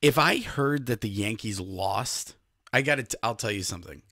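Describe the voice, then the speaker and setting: A man's voice: fairly low pitch, animated, moderate pace, bright, forceful tone, dry recording, studio quality. A man hosting a sports podcast in a casual chat, speaking with emphasis and talking straight to the listeners. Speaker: podcast host.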